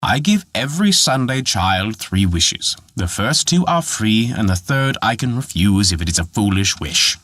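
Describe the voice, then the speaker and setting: A man's voice: fairly low pitch, very animated, normal speed, hardly any pauses, fairly bright tone, dry recording, studio quality. A man voicing a tiny old forest dwarf made of glass who lectures and scolds in an exasperated way. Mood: scolding.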